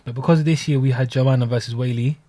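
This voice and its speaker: A man's voice: mid-range voice, fairly even intonation, fast talker, dark tone, no room sound. A young man, co-hosting a sports podcast in a chatty, casual way. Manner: chatty, London-style grammar like "he done his knee". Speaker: podcast co-host.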